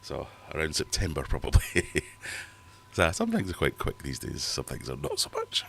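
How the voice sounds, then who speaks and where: A man's voice: extremely low pitch, vocal fry, fairly bright tone, slight background noise. A middle-aged man hosting a casual livestream from his home fish room, chatting to viewers and reading their comments in a rambling, self-mocking way. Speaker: livestream host.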